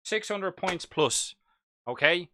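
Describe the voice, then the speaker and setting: A young Dublin man hosts a live hobby stream, chatting and joking casually and reading the chat aloud. His high voice is bright and forceful, with lively intonation and a slow delivery, over slight background noise.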